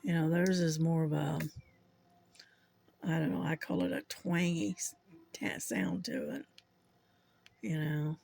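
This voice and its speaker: Older southern host just chatting, slow and rambly, gravelly voice, little laughs here and there. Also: mid-range voice, lively intonation, darkish tone, soft background music. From Southern United States. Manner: rambling, unhurried storytelling with frequent chuckles. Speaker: channel host.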